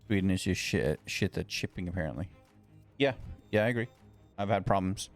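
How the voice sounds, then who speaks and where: A man with a very low, deep voice talks casually on a live stream, rambling and grumbling as he answers his chat. Faint music plays under his voice. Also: fairly quick.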